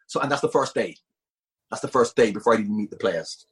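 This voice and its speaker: A man's voice: lowish voice, lively intonation, fast talker. A middle-aged man, a former football manager, talking at length as an interview guest, emphatic and repeating himself for stress. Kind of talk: casual interview talk.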